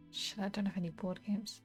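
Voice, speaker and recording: A woman's voice: mid-range voice, a bit bright, slightly rough. A woman streaming and playing a tabletop game, chatting and giggling a lot. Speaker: streamer and player. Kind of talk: casual tabletop play.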